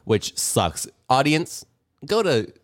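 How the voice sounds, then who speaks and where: A man's voice: medium pitch, big pitch swings, slow, dry recording, clean studio sound. A young man co-hosting a podcast in a playful, joking way, throwing out trivia. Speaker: podcast co-host. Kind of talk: casual chat.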